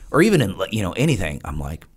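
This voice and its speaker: A podcast guest, an adult man with a wife, tells a story in a casual interview, laughing often and acting out quotes as an animated storyteller. He has a deep, slightly rough voice and talks fast.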